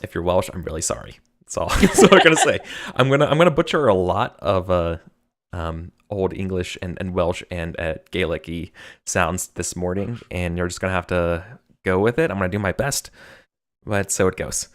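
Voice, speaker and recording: Low-pitched American man, chatty game master hosting a stream, rambles and laughs easily. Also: moderate pace. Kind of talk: casual live-stream game intro.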